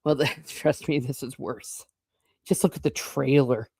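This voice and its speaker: A woman with a low, deep voice reads a classic novel aloud, slow and deliberate, then drops into relaxed, chatty remarks about what she has read. Her voice is close and dry, with no room sound around it. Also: vocal fry, husky, no echo. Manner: slow, deliberate reading broken by chatty, amused asides. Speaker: host. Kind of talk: reading a novel aloud with casual commentary.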